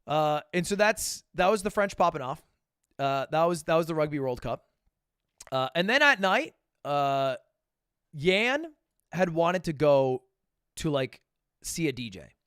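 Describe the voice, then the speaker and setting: A young man telling stories casually to his live stream audience, animated and swearing, with loud bursts and mumbled asides. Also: on the high side, a little slow, pauses often, clear, resonant tone, no room sound, studio quality.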